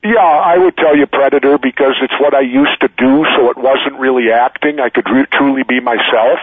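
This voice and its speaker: A man's voice: mid-range voice, moderate pace, dry recording. A man in his sixties, a guest in an interview, telling stories casually with frequent restarts. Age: 60s. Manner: loose storytelling with frequent restarts. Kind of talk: casual interview over the phone. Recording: tinny dry phone line.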